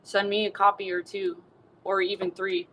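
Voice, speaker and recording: A woman's voice: medium pitch, flat delivery, moderate pace, a bit bright, slight background noise, lightly acted, low-quality recording. A woman voicing an earnest, polite male cowboy who uses folksy exclamations.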